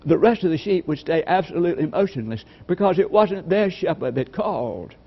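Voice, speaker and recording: A man preaching a sermon in a measured, reflective way, weaving in scripture quotes. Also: fairly high pitch, expressive, husky. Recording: dull lo-fi recording.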